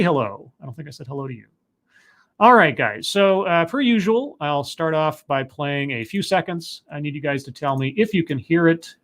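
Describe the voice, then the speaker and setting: A man hosting a live stream, chatting casually, joking at his own expense and pausing on lots of fillers. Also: a little high, a bit bright. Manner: chatty, self-deprecating, filler-heavy. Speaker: livestream host.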